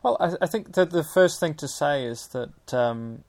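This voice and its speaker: Male film historian, gravelly and level, dry close sound, careful detailed talker. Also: fairly high pitch, lively intonation, a little mellow, no room sound. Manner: measured, detailed, with many restarts and fillers. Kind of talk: conversational discussion.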